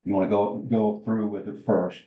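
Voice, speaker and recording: A man's voice: lowish voice, level tone, moderate pace. A man presenting a rules clinic for basketball officials, talking casually with fillers and restarts. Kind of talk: rules instruction and discussion. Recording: roomy, dull lo-fi sound.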